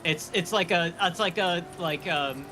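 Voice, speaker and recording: A man's voice: high voice, a little slow, noisy background. A young Midwestern American man as a guest co-player on a gaming stream, laid-back, laughing often and trailing off mid-thought. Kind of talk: casual co-op gaming chat.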